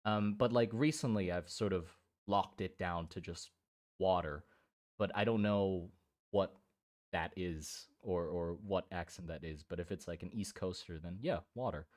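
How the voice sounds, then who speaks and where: Young male streamer, lowish voice, loose rambling chat with frequent restarts. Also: unhurried, a little mellow. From Germany and Thailand. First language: German. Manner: rambling, many restarts and fillers, swears casually. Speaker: streamer drawing miniatures. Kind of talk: casual live-stream chat with chat readers.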